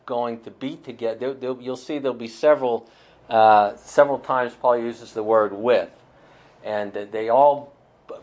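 A man's voice: mid-range voice, dull audio. Man teaching a small Bible study. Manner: thoughtful, with many fillers and restarts.

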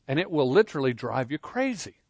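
A man preaching a sermon, earnest, swinging between loud emphasis and quiet intensity, often repeating words as he starts a phrase. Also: medium pitch, very animated, brisk, no room sound. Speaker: pastor.

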